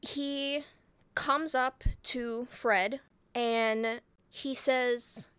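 Slow-talking sweary woman podcaster. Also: on the high side, steady tone, fairly bright tone, clear, resonant tone, no room sound. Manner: rambling, sweary, laughs often. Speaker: podcast co-host. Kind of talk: casual podcast chat retelling a film.

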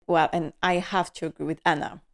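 Lady chatting thru an episode recap, kinda low voice, retells scenes. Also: level tone, brisk. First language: French. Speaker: podcast host. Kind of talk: casual episode recap and commentary.

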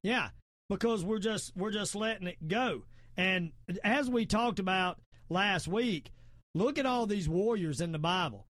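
Southern man, middle-aged, high voice, dry close sound, emphatic and repetitive. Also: measured pace, a bit bright, no echo. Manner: repetitive, emphatic, quotes scripture. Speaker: podcast host. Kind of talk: fervent preachy political talk.

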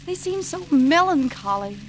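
An actress playing a sensible, gently teasing housewife in a 1940s radio comedy, on an old broadcast recording. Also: female voice, sits high, big pitch swings, moderate pace, a little hiss or hum, poor audio. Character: sweet, sensible middle-aged housewife Mary.

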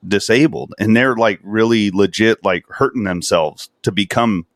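A man's voice: fairly low pitch, normal speed, no echo. A man hosting a casual podcast, joking around, laughing easily and asking blunt questions. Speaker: podcast host. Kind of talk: casual chat.

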